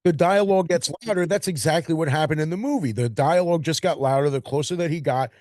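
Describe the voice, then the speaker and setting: A man with a New York accent chats about movies in long, animated stretches full of fillers. His voice sits a little high for a man, and the recording is dry and close with almost no room sound. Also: quick pace, dry recording. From Queens, New York. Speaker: podcast co-host. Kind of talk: casual chat.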